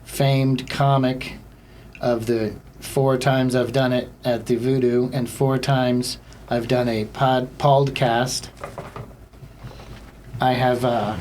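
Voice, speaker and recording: A man's voice: mid-range voice, flat delivery, slow, darkish tone, a little hiss or hum. A young man hosting a casual solo comedy podcast, rambling and self-deprecating, with lots of filler words.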